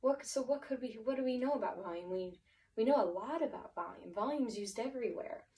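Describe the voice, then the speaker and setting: A woman's voice: a little high, expressive, fairly quick, mellow, distant mic, low-quality recording. A woman teaching a vocabulary lesson, encouraging and thinking aloud with many fillers and restarts.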